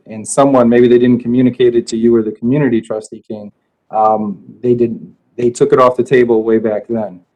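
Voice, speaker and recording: A man's voice: mid-range voice, a little mellow, poor audio. A man serving as school superintendent, explaining budget decisions at a board meeting with hesitant restarts.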